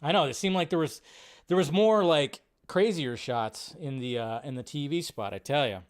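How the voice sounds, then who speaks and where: A man hosting a live stream, reacting to a movie trailer in an excitable, rambling way and swearing freely. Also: fairly high pitch, moderate pace. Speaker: host. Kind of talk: casual live-stream commentary.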